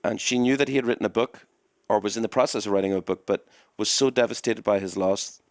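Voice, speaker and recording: A lowish-pitched man spins a winding story, stopping to act out what everyone said. His voice sits dry and close, with no room around it. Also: fast, a little mellow, no echo. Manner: rambling anecdotes, acts out quoted dialogue. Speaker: comedy club owner, podcast guest. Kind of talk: conversational storytelling.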